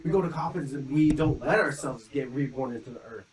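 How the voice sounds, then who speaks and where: A man's voice: mid-range voice, brisk, crowd noise, low-quality recording. A young man casually telling a long story on a podcast, rambling with many "like" fillers and acting out quotes. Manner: rambling, lots of "like" fillers, lively re-enacted quotes. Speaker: podcast co-host.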